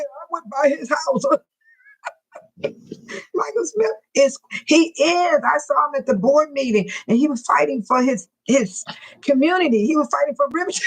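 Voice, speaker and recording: A woman's voice: high-pitched, poor audio. A woman hosting a casual live stream, greeting viewers by name and reading out their comments, often laughing and teasing.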